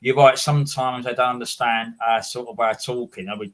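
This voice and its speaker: A man's voice: medium pitch, steady tone, fairly quick, a bit bright. An English man hosting a casual live stream chat, rambling and repeating his words as he reads out viewer names. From England.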